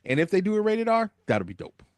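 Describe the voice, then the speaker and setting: A man talking casually on a radio show, rambling with lots of fillers and jumping up in pitch when excited. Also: quick pace, no echo. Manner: animated, rambling, frequent fillers. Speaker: guest commentator. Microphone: studio microphone.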